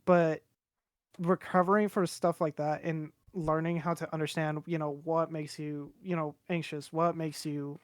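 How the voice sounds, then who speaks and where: A man's voice: fairly high pitch, level tone, normal speed, no echo, clean studio sound. A man in his twenties chatting casually on a podcast, rambling and candid, swearing freely as he talks. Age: 20s. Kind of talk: casual chat.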